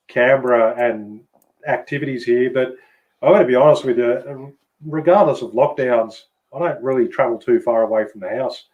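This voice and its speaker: A man's voice: mid-range voice, narrow, tinny audio. Laid-back Australian man chatting. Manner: relaxed, swears freely, laughs often. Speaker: host. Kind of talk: casual chat.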